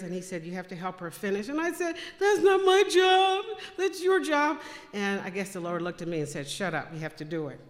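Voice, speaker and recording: A woman speaking to a congregation, telling personal faith stories and acting out the dialogue with big jumps in voice. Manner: animated, acts out quoted dialogue with big pitch jumps. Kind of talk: testimony storytelling to a congregation. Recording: echoey hall with long reverb.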